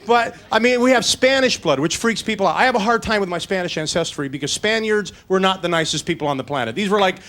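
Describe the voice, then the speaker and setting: A man performing a stand-up comedy routine, joking in a quick storytelling way and briefly putting on voices for the people in his stories. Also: high-pitched, expressive, a bit bright.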